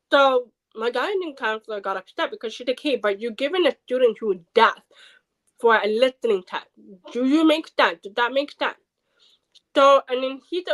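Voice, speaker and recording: Animated higher-pitched woman telling her story. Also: a little fast, rough recording. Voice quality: hard of hearing speaker. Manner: animated, acts out quoted people. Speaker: podcast guest. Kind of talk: personal storytelling interview.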